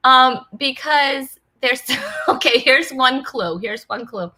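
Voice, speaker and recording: Woman, bright tone, slightly high voice, bubbly chatty host, live-stream talk show. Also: lively intonation, takes it slowly. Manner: bubbly, chatty, laughs often. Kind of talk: casual live-stream chat.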